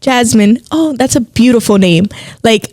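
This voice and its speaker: A woman's voice: on the high side, moderate pace, no room sound, studio quality. A woman co-hosting a podcast, telling a faith testimony in casual chat and acting out the voices of people she quotes. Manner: animated storyteller, acts out quoted voices. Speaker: podcast co-host.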